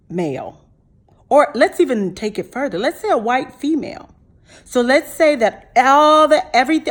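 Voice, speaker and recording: A woman with a high voice talks straight to camera in a casual vlog monologue. She is emphatic, hammers her points home by repeating them, and swears freely. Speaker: vlogger.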